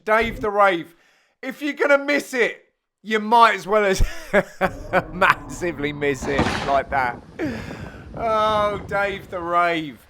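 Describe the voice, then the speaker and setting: A young man, the host, giving cheeky, self-mocking voice-over commentary on highlights of his own amateur match. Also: expressive, slow pace, bright, forceful tone. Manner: cheeky, self-mocking banter with frequent laughs.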